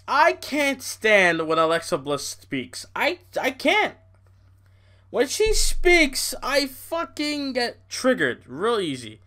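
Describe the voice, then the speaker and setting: Bright, animated young man ranting. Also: medium pitch. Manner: animated, exasperated ranting with swearing. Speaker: podcast host. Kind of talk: casual wrestling podcast rant.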